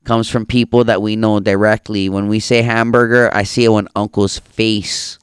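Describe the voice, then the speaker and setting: A man with a Hawaiian Pidgin accent hosts a relaxed podcast chat, talking in an easygoing, reflective way. His voice is smooth and resonant, recorded close and dry, with no room around it. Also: on the low side, normal speed, dry recording. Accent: Hawaiian Pidgin English. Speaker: podcast host. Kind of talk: casual chat. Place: farm.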